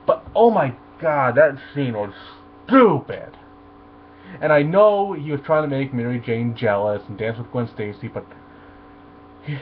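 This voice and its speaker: A man ranting animatedly and profanely through a review of a superhero film. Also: mid-range voice. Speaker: movie reviewer. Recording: tinny phone-like audio with faint mains hum.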